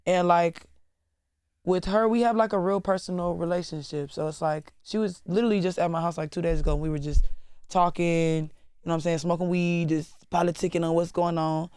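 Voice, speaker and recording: A woman's voice: on the low side, steady tone, brisk, a little mellow, smooth, no room sound, clean studio sound. A woman rapper as interview guest, talking candidly in casual chat, swearing freely and turning dramatic at times. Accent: Southern US.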